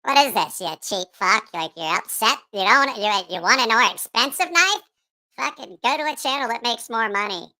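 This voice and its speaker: A man putting on a squeaky voice for a rude, foul-mouthed little man who taunts people with crude insults. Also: animated, moderate pace, pushed and bright, exaggerated voice. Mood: scornful.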